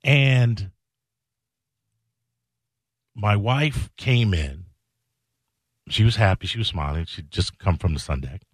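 A middle-aged man hosting a show, telling a personal story slowly and earnestly, with halting emphatic repetitions. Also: fairly low pitch, lively intonation, slightly rough, no room sound, studio quality. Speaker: show host.

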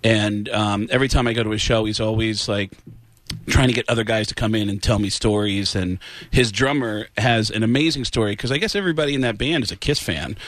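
Animated comedian in his forties telling stories. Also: fairly low pitch, a little fast, dry recording. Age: 40s. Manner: animated storyteller who slips into character voices. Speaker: comedian guest. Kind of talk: casual interview storytelling.

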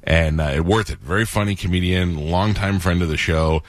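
A man hosting a radio talk show, chatting casually and telling stories with animated, heated retellings. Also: low-pitched, normal speed, dry recording.

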